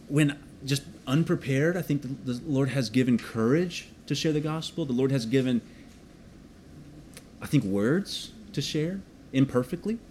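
Man preaching with animated storytelling. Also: mid-range voice, slight background noise. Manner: animated, self-deprecating, acts out dialogue. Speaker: pastor. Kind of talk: sermon storytelling.

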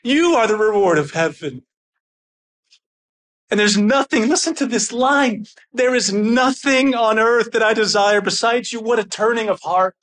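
A man preaching a sermon with fervent, excited intensity that sounds almost angry. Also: high-pitched, a little slow. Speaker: pastor.

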